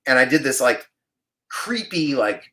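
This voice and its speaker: A man from New York, an actor, telling an animated story in a casual interview and acting out the people in it. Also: medium pitch, measured pace. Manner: animated storyteller, acts out other people's voices.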